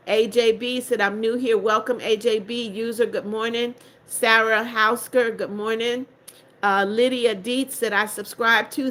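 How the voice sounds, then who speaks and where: A woman's voice: medium pitch, fairly bright tone. An older woman with a congested voice, hosting a livestream and answering viewer comments one by one in a chatty, blunt way. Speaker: livestream host. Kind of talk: reading viewer comments aloud.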